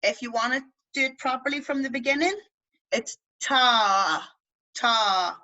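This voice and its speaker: Belfast lady teaching on a video call, bright highish voice, chatty and jokey, stretches out vowels. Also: fairly quick, lo-fi sound. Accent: West Belfast. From Northern Ireland. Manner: chatty and playful, drawing out vowel sounds to demonstrate. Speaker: Irish language teacher. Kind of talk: online beginners' language class.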